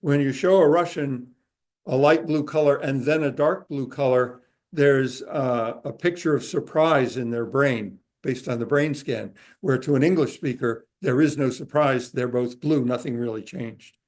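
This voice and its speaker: A man giving a talk to a group in a room, explaining at an easy pace with frequent filler pauses. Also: mid-range voice, a little mellow. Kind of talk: conversational lecture. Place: room with a live audience.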